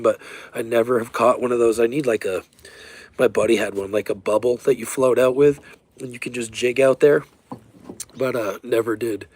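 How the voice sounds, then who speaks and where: A man in casual chat, rambling through stories with lots of swearing and excitable energy. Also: mid-range voice, breathy edge. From eastern United States. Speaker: livestreamer.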